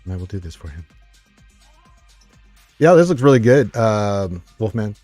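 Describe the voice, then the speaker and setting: A man's voice: on the low side, very animated, normal speed, darkish tone, dry recording. Male game stream host, casual chat, rambling and upbeat, dry close sound, faint music behind. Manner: rambling, upbeat, many fillers. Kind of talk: casual live-stream chat reading viewer comments.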